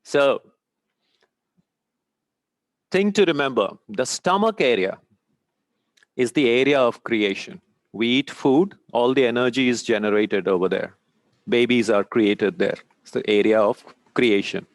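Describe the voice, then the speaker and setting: A man leading a group in a meditation and chanting lesson, speaking calmly, giving steps and checking in often with "okay?". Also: mid-range voice, normal speed, no echo. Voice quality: sweating, a little warm. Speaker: meditation teacher. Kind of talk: guided breathing and chanting lesson.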